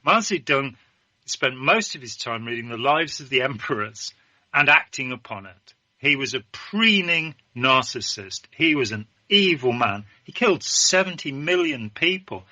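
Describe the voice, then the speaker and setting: A man holds forth in a political discussion, emphatic and sure of his views. His voice is very bright and cutting. The sound is dry and a little muffled. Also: medium pitch, sing-song, moderate pace, dry recording. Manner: emphatic and opinionated. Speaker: guest.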